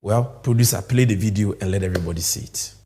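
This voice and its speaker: A man's voice: fairly low pitch, fast talker, mellow. A man with a Ghanaian accent giving an emphatic, repetitive political speech that switches between English and Twi. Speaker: political party speaker. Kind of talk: rally-style political speech.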